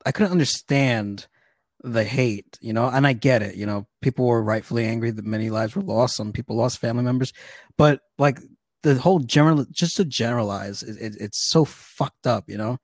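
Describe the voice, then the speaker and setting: Guy in a casual chat, blunt and emphatic, mid pitch, dry sound. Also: fairly quick, no echo. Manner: blunt, emphatic opinions with swearing.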